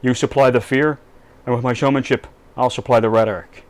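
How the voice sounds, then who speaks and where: Man doing a brash bragging tycoon, louder than his own talk, loose impression. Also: medium pitch, fairly even intonation, a little fast, close to an everyday voice. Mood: boastful. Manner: boastful, self-admitted crappy impression. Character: boastful brash male American tycoon-politician.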